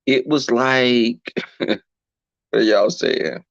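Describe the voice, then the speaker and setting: A man telling a candid personal story in a blunt, animated and profane way. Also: medium pitch, extremely slow, creaky, dry recording, lo-fi sound. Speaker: podcast host.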